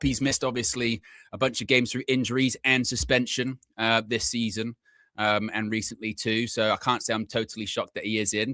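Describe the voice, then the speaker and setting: A man hosting a live football watchalong, chatty and excitable, laughing often as he runs through team news. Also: mid-range voice, dry recording. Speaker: fan channel host.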